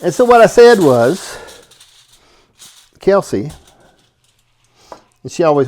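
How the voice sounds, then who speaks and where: A man's voice: fairly high pitch, big pitch swings, takes it slowly, a little mellow. A man hosting a cooking show from his home kitchen, chatting casually and joking with the person filming him. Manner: folksy, joking, keeps asking "okay?". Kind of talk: casual kitchen chat to camera.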